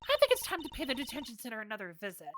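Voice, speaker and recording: A woman voicing a bubbly teenage girl in a game, talking quickly and eagerly. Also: fairly high pitch, wildly swooping pitch, background noise. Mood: chirpy.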